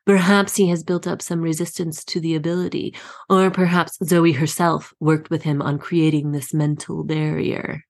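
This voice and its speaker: A woman voicing a groveling male royal spy master who speaks slowly in a simpering, ingratiating way. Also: low-pitched, flat delivery.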